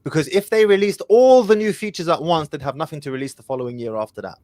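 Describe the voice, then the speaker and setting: A man's voice: on the high side, fast talker, a little mellow, dry recording. A man hosting an advice call-in show, speaking confidently and directly, with Arabic phrases mixed in. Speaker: host.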